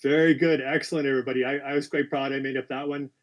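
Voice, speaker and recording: A man's voice: medium pitch, level tone, fast. A man hosting a live-stream quiz, reading out questions with chatty, apologetic asides and frequent self-corrections. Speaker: quiz host.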